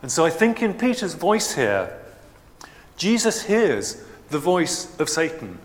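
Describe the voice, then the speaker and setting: A man preaching a sermon in a measured, explanatory, conversational way. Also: a little high, very animated. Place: church. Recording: long church reverb.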